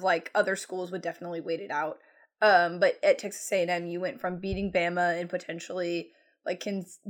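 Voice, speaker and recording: A woman co-hosting a casual sports talk show, giving careful, tactful opinions. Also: lowish voice. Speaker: co-host.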